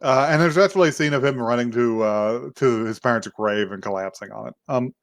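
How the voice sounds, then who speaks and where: A man's voice: mid-range voice, fast talker, creaky, no echo, studio quality. A man casually recapping an anime episode on a podcast, laughing often as he retells scenes. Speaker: podcast co-host.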